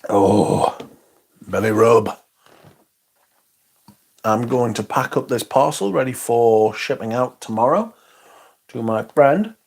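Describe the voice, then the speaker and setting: A man hosts a livestream in a mid-range, husky voice with a darkish tone, talking slowly and expressively with frequent pauses. He chats casually and rambles through viewer comments, chuckling often and letting slip the occasional swear word.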